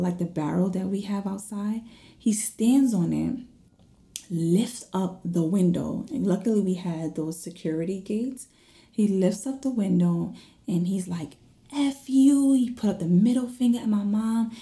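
A woman in her thirties casually telling viewers a story, animated, acting out the voices and dropping into whispers. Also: mid-range voice, gravelly. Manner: animated, acts out her own and others' voices, drops to whispers.

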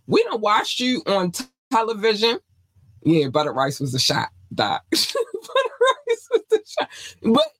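A woman's voice: mid-range voice, a bit bright, no echo, rough recording. A young woman from North Carolina hosting an entertainment podcast, ranting in a blunt, profane, scolding way. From North Carolina, USA. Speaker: podcast host. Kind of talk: entertainment news podcast commentary.

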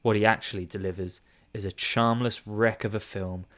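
In a relaxed podcast chat about films, this male co-host speaks in a low voice at a moderate pace. He laughs a lot and reads reviews aloud with mock emphasis, getting theatrical on the quotes.

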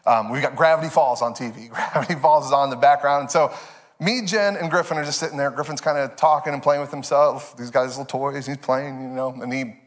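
A man in his thirties preaching a sermon as pastor, telling stories with animated, expressive delivery. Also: fast talker. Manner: animated storytelling, jumps high for quoted voices.

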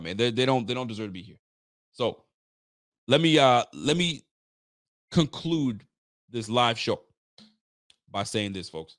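A man's voice: mid-range voice, lively intonation, moderate pace, pauses often, fairly bright tone, no echo, clean studio sound. A tired man hosting a live post-game reaction stream for a fan channel, hyped and rambling, trash-talking the rivals. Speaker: sports fan channel host.

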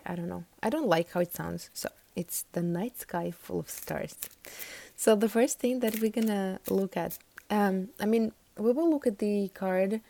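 Soft gravelly woman reading tarot. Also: mid-range voice, no room sound. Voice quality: gravelly, soft near-whispered stretches. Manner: rambling with many fillers, self-correcting. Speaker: tarot reader podcast host. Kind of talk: casual spoken tarot reading.

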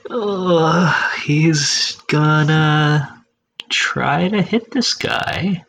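Excitable swearing man playing a barbarian. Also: fairly high pitch, drawn-out words, creaky. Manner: excitable, swears often, narrates his character's actions. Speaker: player. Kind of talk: casual tabletop game play.

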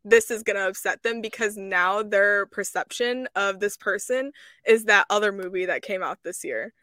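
A young woman co-hosting a casual movie chat, talking fast and emphatically with firm opinions. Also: mid-range voice, bright, forceful tone, no echo, studio quality. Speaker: podcast co-host.

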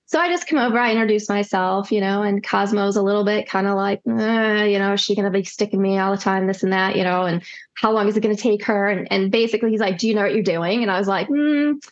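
A woman nurse practitioner telling a story casually, acting out quoted dialogue with lively voices. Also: medium pitch, fast, lo-fi sound.

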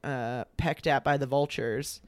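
Smooth-voiced young man telling a story. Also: medium pitch, measured pace, dry recording. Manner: animated retelling that acts out quoted lines, lots of fillers. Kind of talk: casual storytelling chat.

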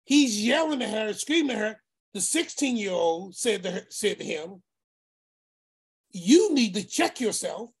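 Storytelling man, lively voices. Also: sits high, unhurried, slightly rough. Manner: animated, acts out voices, repeats phrases; preacherly, speaks of faith. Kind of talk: casual storytelling.

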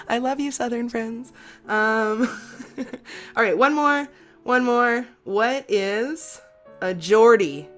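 A woman's voice: fairly high pitch, a little slow, a bit bright, soft background music. A woman hosting a podcast in casual chat, self-mocking and laughing often. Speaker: podcast host.

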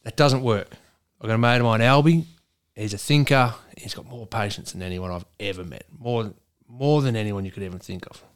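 A man's voice: fairly low pitch, brisk, few pauses, clean tone. An Australian man, a racing driver, telling sweary stories in a casual chat. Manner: sweary, storytelling, animated.

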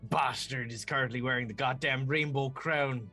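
A man playing a crude, bitter male leprechaun with a put-on Irish accent, swearing and lively. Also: mid-range voice, moderate pace, faint music behind, voice pushed down. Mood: spiteful. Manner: lively, swearing, laughing mid-line. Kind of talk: tabletop role-play.

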